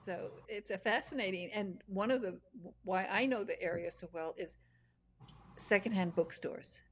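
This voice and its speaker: A woman's voice: mid-range voice, normal speed, a bit bright. A woman hosting an interview, chatting casually and laughing through rambling anecdotes. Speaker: podcast host.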